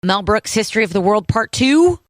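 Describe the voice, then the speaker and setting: Female radio co-host, mid-pitched, brisk reader of show items, close dry studio mic. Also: big pitch swings, no echo. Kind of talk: morning radio show chat.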